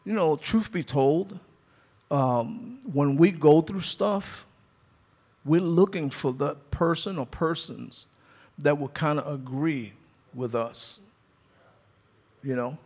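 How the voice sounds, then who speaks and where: A man's voice: fairly high pitch, slow pace, long pauses, darkish tone. A man preaching a sermon as pastor, emphatic, calling out to his congregation. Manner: emphatic preaching, acting out quoted speech; calls to the congregation.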